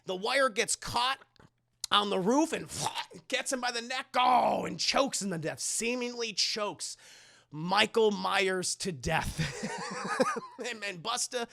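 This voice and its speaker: Streamer narrator, bright gravelly voice, profane, laughs a lot. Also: mid-range voice, takes it slowly. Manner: profane, animated, laughs often. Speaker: streamer recapping a film. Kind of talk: casual storytelling to chat.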